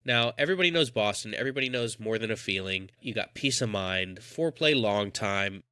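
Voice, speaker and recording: A man's voice: medium pitch, sharp tone, no room sound, clean studio sound. A young man co-hosting a podcast, talking in a casual, enthusiastic, rambling way. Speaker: podcast co-host. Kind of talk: casual chat.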